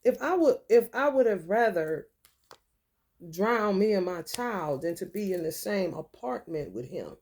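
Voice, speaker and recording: A woman's voice: mid-range voice, very animated, a little slow, darkish tone. A woman venting in a casual monologue, telling a story bluntly and profanely with lots of rhetorical questions. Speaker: vlogger.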